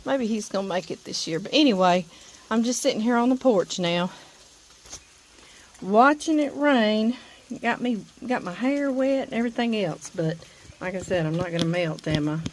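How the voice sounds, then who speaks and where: A woman's voice: medium pitch, expressive, normal speed. A middle-aged woman with a Southern accent from Louisiana, chatting folksy and laughing often as she walks outdoors, filming on a phone. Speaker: vlog host. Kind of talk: casual walking vlog. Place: outdoors in a pasture, then a porch.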